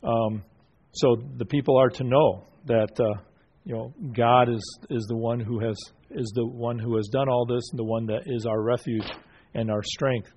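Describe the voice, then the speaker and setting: There's a little hiss or hum behind this man's steady, darkish, medium-pitched voice. Teaching a Bible study group, he asks questions and affirms answers, pausing and restarting with many fillers.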